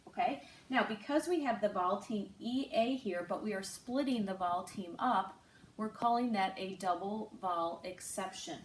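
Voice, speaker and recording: A woman teaching a recorded phonics lesson to third graders, speaking slowly and clearly and drawing out each sound. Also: mid-range voice, a little hiss or hum. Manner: slow, clear, patient teacher talk with drawn-out sounds. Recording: echoey room, distant mic.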